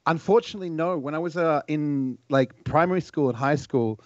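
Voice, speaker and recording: A man who grew up in New Zealand, co-hosting a beatbox reaction livestream in a relaxed, chatty way. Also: a little high, fairly quick, no echo, highs cut off. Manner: relaxed, chatty, laughs often. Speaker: co-host of a beatbox reaction stream. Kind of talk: casual livestream chat.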